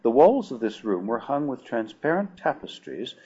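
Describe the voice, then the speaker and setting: A man narrating a first-person adventure novel with a formal, steady delivery. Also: medium pitch, normal speed, breathy edge, lo-fi sound. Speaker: audiobook narrator.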